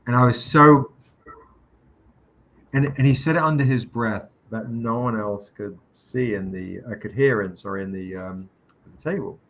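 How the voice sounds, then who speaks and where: A man's voice: lowish voice, normal speed. Man telling a story on a livestream. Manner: animated anecdote with quoted voices. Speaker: comic publisher hosting a livestream. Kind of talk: casual storytelling chat.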